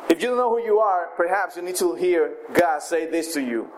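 A high-pitched man preaches a sermon in a loose, conversational way, retelling scripture as if chatting. His speech restarts often. A faint hiss of background noise sits under the recording. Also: lively intonation, brisk, poor audio.

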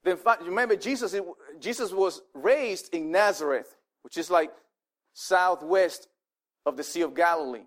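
A male pastor giving a sermon in an animated, conversational way, often restarting his words. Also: high-pitched, unhurried.

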